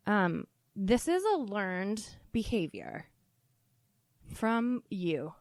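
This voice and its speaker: A woman hosting a podcast, telling a story with lots of laughter and some cursing. She talks slowly, in a mid-range voice. The recording is dry and close. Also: mid-range voice, dry recording. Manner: laughing, swearing, animated. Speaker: podcast host. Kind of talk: casual comic storytelling.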